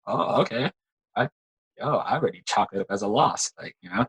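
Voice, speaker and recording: A man's voice: on the low side, animated, brisk, a bit bright, breathy edge, low-quality recording. A man chatting casually as an interview guest, laid-back and slangy, repeating words as he talks. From United States. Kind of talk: casual conversation.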